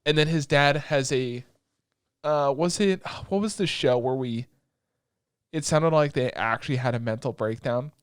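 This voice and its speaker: A young man on a podcast, chatting casually as he recaps an anime. He rambles and gets excitable, swears freely and leans on filler words. His voice sits at an ordinary pitch, and the recording is dry and close. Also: moderate pace, clear, resonant tone, no echo. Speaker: podcast co-host.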